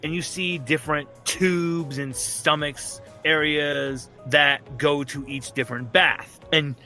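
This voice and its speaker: A man's voice: on the high side, fairly even intonation, takes it slowly, bright, forceful tone, soft background music. A man narrating as game master in a casual, rambling way, swearing and laughing often.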